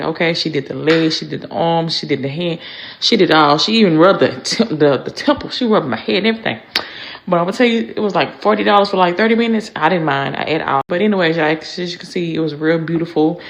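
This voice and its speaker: Low gravelly-voiced chatty woman vlogger. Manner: chatty, drawling, repeats "y'all" and "anyways". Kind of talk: casual vlog voice-over.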